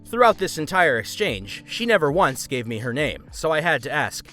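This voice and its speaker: A man reads a first-person story aloud with a wry edge. His voice sits a little high and moves lively up and down. Faint music plays beneath him. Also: normal speed, hardly any pauses. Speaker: story narrator.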